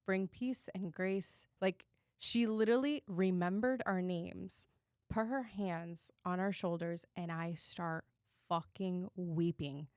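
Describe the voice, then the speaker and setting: A woman co-hosts a casual podcast and tells a personal story in an animated, candid way, swearing freely. Her voice sits on the lower side and sounds smooth. The sound is close and dry, with no room echo. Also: slow. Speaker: podcast co-host.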